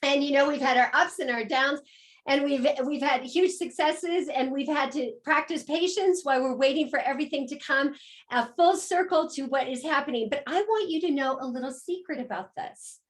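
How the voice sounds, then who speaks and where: High-voiced woman hosting a call. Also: moderate pace. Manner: emphatic, heartfelt, repeats phrases for emphasis. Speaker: host. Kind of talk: enthusiastic introduction on a call.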